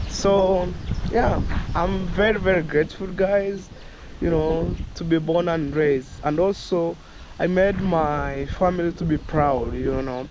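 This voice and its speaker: A man's voice: on the high side, unhurried, lo-fi sound, a crowd in the background. A young man from Kenya with a Kenyan accent, chatting loosely to his viewers outdoors in a village yard, peppering his talk with "you know, guys". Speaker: vlogger. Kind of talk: casual vlog chat to viewers.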